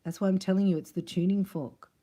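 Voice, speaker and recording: A woman giving a casual spiritual tarot reading, chatty and quick to laugh. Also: mid-range voice, fairly even intonation, mellow. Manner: chatty, laughs often, acts out other voices. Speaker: tarot reader.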